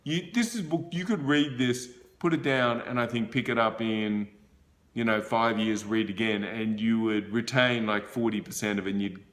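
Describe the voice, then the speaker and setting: A man's voice: lowish voice, normal speed, fairly bright tone. A man giving a casual book review to camera, rambling with frequent fillers and restarts.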